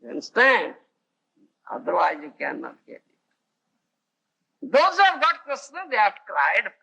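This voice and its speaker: A man's voice: high-pitched, wildly swooping pitch, unhurried, gravelly, pushed and bright, slightly rough, rough recording. A man with an Odia accent giving a devotional lecture, often laughing and asking his listeners whether they understand, on an old tape recording. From India. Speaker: spiritual teacher.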